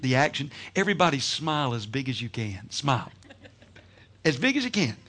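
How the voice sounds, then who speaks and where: A man preaching a sermon, telling stories with bursts of laughter and shouting. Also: mid-range voice, a little fast. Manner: animated storytelling, laughing and shouting. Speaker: pastor.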